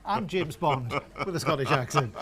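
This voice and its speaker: Guy commentating, chatty and jokey, voice sits a bit high. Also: animated, normal speed, crowd noise. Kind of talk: casual commentary chat.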